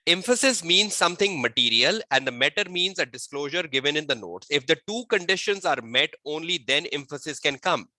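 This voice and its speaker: A male audit tutor giving an online exam-prep lecture, repeating key phrases and quizzing his listeners, slowing to a dictation pace to state the rules. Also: on the high side, expressive, pushed and bright, no room sound. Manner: slow dictation-like delivery when stating rules. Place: webinar.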